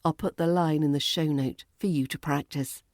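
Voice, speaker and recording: A woman with a British RP accent teaching pronunciation on a podcast, deliberately stretching out example words. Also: sits low, steady tone, a little mellow, no room sound, clean studio sound. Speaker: accent coach.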